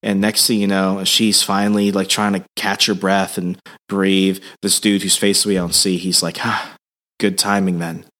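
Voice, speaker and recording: A man co-hosting a casual podcast, recapping a story in an animated way. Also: sits low, normal speed, hardly any pauses. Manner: animated storyteller, slips into voices. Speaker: podcast co-host. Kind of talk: casual chat, recapping a comic.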